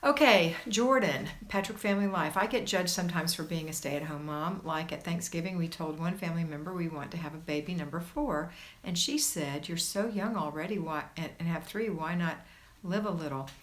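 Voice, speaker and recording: With a fairly low pitch and a slightly quick pace, this woman hosts a relaxed homemaking livestream. She chats with viewers, reading their comments out loud and offering reassurance.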